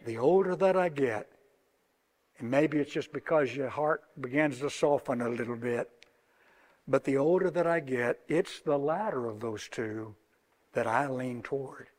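A middle-aged man preaching a sermon, moving between hushed, slow words and loud, emphatic passages. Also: medium pitch. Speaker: pastor. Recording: long reverb of a large hall.

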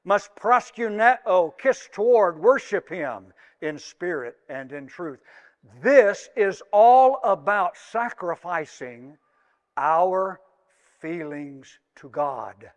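A man preaching a sermon in a church, speaking slowly and emphatically and drawing out key words. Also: high voice, animated. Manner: slow, emphatic delivery with drawn-out words. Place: church sanctuary. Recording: long hall reverb.

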